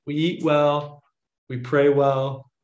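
An American man, a young Catholic priest, talks to an audience in a loose, story-telling lecture. His voice sits a little high and he slips into the voices of the people he quotes. The sound bounces around an echoey room. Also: takes it slowly, lo-fi sound. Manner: chatty, animated, acts out quoted voices. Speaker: Catholic priest giving a talk.

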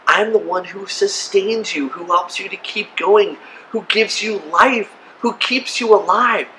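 A man giving an animated children's sermon as pastor, acting out silly voices and reactions. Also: high-pitched, a little hiss or hum, low-quality recording. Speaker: kids' pastor.

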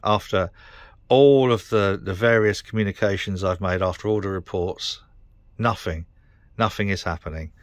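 A man's voice: sits low, moderate pace, no echo. A middle-aged man with a British accent, ranting to camera in a frustrated, sweary, rambling way. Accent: British English. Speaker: vlogger. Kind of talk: casual rant to camera.

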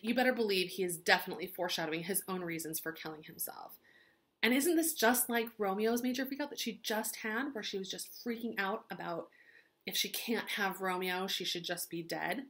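A young woman teacher gossiping her way through a story recap. She sounds chatty and sarcastic, with plenty of "like" and "um" between her points, and her voice sits at a middle pitch. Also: normal speed, a bit bright.

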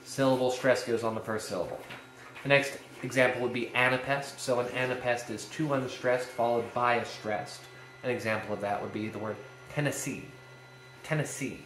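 A man's voice: medium pitch, normal speed. A man talks through a lesson on Shakespearean verse in a casual, playful way, slipping in jokes as he goes. His voice carries a noticeable room echo, with a faint hum of ambient noise underneath. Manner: playful, jokey asides with a lively delivery. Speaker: video series host teaching Shakespeare verse. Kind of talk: casual educational talk.

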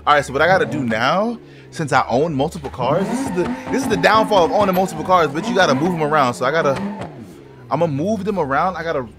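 A man giving loud, profane, excitable commentary over his car game, with quick shouted outbursts. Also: fairly high pitch, over music. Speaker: gaming YouTuber. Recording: noisy game audio behind the voice.

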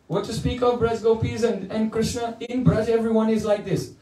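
A spiritual teacher with a high-pitched, warm voice and little pitch movement gives a playful devotional lecture at a moderate pace. He tells stories and breaks into chanted verses. The room is echoey, and the mic sits at a distance.

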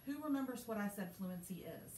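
A woman's voice: fairly high pitch, expressive, fast, darkish tone, a little hiss or hum. A woman teacher, leading a reading lesson with patient, encouraging questions. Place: school classroom. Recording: echoey classroom from far off.

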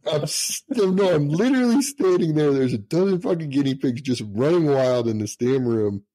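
A man's voice: fairly high pitch, lively intonation, moderate pace, dark tone. A middle-aged man, a retired senior master sergeant, telling profane, laughing anecdotes in casual storytelling.

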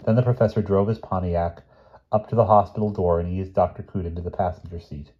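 Deep, husky male audiobook narrator. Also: fairly quick, highs cut off. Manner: steady storytelling with occasional slips and restarts. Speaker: audiobook reader.

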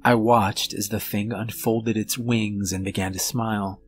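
Slow, low-voiced male horror narrator. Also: flat delivery, faint music behind. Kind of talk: scripted narration.

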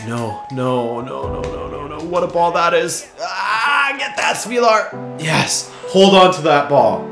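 A man commentating his own football video game, muttering then yelling with excitement, his voice going hoarse. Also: fairly high pitch, slow pace, reverberant, over music. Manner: excitable, swings from mutters to shouts. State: losing his voice. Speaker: gaming YouTuber.

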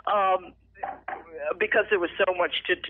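A middle-aged woman telling her personal faith testimony as a radio guest, emotional and animated, acting out the voices in her story. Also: lowish voice, normal speed. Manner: emotional, animated retelling with lively acted quotes. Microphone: phone. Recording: tinny dry phone line.

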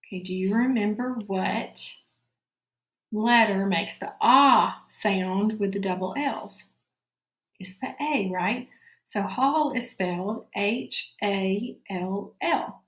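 A woman teacher giving a spelling lesson to young children, dictating slowly and clearly and repeating each word. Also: medium pitch, reverberant.

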